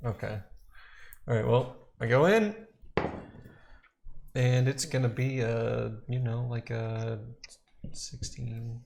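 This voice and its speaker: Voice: medium pitch, takes it slowly, gravelly, pauses often, a little mellow, a little hiss or hum. A tabletop role-playing player talking casually and laughing often. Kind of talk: tabletop game play.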